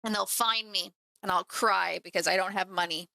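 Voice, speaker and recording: A woman's voice: mid-range voice, fairly even intonation, normal speed, vocal fry, bright, forceful tone, no room sound. A woman streaming live while painting miniatures, chatting to viewers in a self-mocking way. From Canada. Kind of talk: casual livestream chat.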